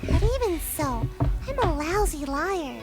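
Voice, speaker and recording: A woman's voice: very high-pitched, big pitch swings, measured pace, a little mellow, soft background music, heavily acted. Sayu, a sleepy little ninja girl. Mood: flustered. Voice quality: drowsy, sighing, yawning.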